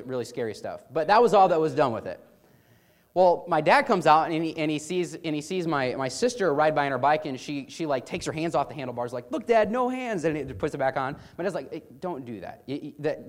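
A man with a mid-pitched voice tells a family story in a loose, chatty way. He sounds amused and often restarts his sentences as he goes. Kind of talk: casual personal anecdote.

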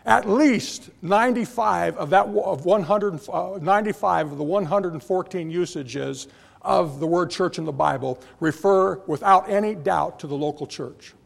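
Gravelly high-voiced preacher, repeating himself. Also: male voice, moderate pace. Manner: emphatic, repetitive, stammering restarts. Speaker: pastor. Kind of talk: sermon. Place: church sanctuary.

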